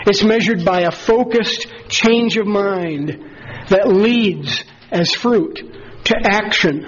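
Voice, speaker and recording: A man preaching a sermon as pastor, earnest and measured, slowing down to stress key phrases. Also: high-pitched, husky, lo-fi sound.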